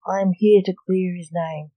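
A woman's voice: on the low side, steady tone, normal speed, dark tone, dry recording, close to an everyday voice. A woman voicing the Grim Reaper, a mock-menacing male skeleton, in a read-aloud story. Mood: ominous.

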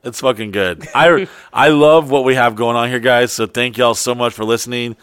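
Profane animated male podcast host. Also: mid-range voice, normal speed, clean tone, no echo, studio quality. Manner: profane, animated storytelling with mock voices. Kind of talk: casual podcast chat.

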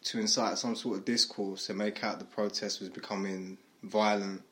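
A man's voice: lowish voice, flat delivery, normal speed, a bit bright. A man co-hosting a casual podcast, talking loosely with slang and fillers. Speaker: podcast co-host. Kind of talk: casual chat.

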